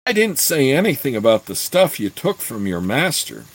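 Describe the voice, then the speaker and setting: A man reading aloud voices a small, eager apprentice boy who pleads and flares up quickly. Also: medium pitch, very animated. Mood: pleading.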